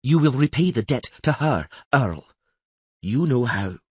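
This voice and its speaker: A man's voice: medium pitch, very animated, measured pace, husky, no echo, pitched above the performer's own voice, exaggerated voice. A man voicing a cold, commanding old queen. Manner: cold, authoritative, shouting in anger.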